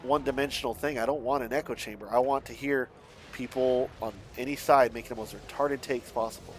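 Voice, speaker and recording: A man's voice: medium pitch, steady tone, a little fast, soft background music. A young man from a Mexican family, a streamer chatting casually and rambling, swearing often and restarting his sentences. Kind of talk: casual rambling chat while playing a driving game.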